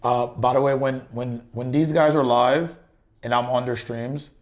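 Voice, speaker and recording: A man's voice: medium pitch, steady tone, a little slow. A man guest on a live stream, chatting casually and trailing off mid-thought. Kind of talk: casual chat.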